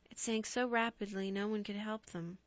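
A grave seafaring brother speaks softly and sadly, as a woman narrator reads his lines. He sounds gentle and steady. The recording is dry with a slightly dull top end. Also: mid-range voice, normal speed, no room sound, close to an everyday voice. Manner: grave, soft-spoken.

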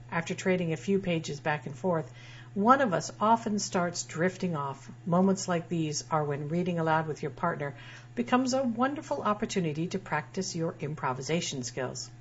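A woman's voice: on the low side, animated, normal speed. A woman writer reading her own personal essay aloud in a wry, dryly humorous way. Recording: dull lo-fi sound with faint hum.

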